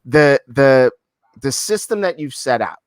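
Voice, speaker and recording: A man's voice: medium pitch, animated, measured pace, no room sound. A man hosting an interview podcast, talking in a loose, effusive way, repeating his words and calling his guest "man" and "brother.". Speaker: podcast host. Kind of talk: casual interview chat.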